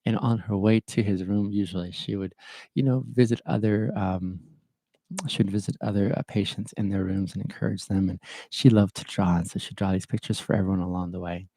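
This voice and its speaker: A man's voice: low-pitched, steady tone, brisk, warm tone, dry recording. A man in his thirties or forties hosting a podcast, telling a story in an earnest, rambling way with many fillers. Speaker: podcast host. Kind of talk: casual chat.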